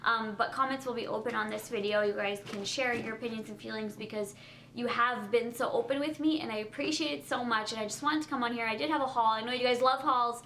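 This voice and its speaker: Young woman vlogging at home, chatty w lots of ums and likes, kinda high voice, faint hiss behind. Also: fast, bright, forceful tone. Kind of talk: casual talk to camera. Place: home at night, indoors.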